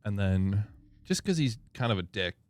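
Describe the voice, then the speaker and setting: A man's voice: lowish voice, expressive, normal speed, a little mellow, dry recording. A man running a tabletop game as game master, laid-back and wry.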